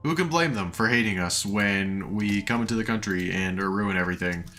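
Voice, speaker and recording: A man's voice: on the low side, normal speed, sharp tone, soft background music. A man streaming a game, rambling as he builds and reads chat aloud, his voice tired and sore after hours of talking. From United States. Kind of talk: casual live-stream chat while playing.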